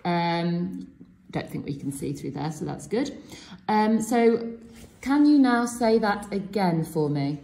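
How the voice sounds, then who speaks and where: A woman's voice: on the low side, animated, takes it slowly, creaky, dark tone. A woman teacher showing students a self-quiz method step by step and cheering them on. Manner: encouraging, explains step by step. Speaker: French teacher. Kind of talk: classroom demonstration.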